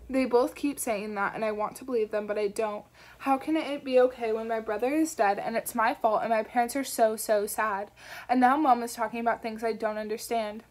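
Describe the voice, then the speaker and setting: A woman narrates a first-person audiobook with a soft, measured delivery. Her voice sits a little higher than most women's. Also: steady tone. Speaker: audiobook reader.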